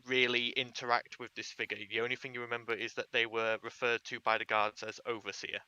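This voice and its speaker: A man's voice: medium pitch, flat delivery, fairly quick, bright, forceful tone, clear, resonant tone, dry recording, highs cut off. A man narrating as game master of a tabletop game, descriptive and chatty. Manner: descriptive, uses fillers.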